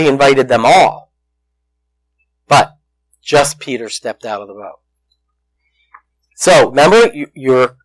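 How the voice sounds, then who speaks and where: A man's voice: medium pitch, no room sound, rough recording. A man preaching a sermon, telling a story with acted-out voices and questions to the congregation. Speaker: pastor.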